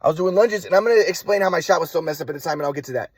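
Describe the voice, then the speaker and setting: Husky young guy with a cold, highish voice, dry close sound, keeps restarting. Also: a little mellow, no echo. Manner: repetitive, halting restarts. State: has a cold. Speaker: vlogger. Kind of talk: rambling personal monologue.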